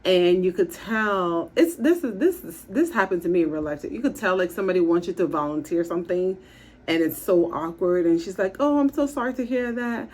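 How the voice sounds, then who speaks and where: A woman's voice: fairly low pitch, darkish tone. A woman recapping a TV episode from her office in a chatty, casual way, acting out the characters' lines. She is recording without her usual equipment. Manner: chatty, acts out characters' lines in quick voices. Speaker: TV show reviewer and therapist. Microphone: makeshift setup without her usual gear.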